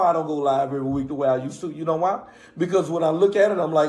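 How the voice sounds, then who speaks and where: Pastor, male, high voice, passionate live-stream sermonizing with call-outs to the audience, faint music behind. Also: steady tone, quick pace, a little mellow. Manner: preaching cadence, repeatedly calling on listeners. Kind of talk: impassioned live-stream talk to viewers.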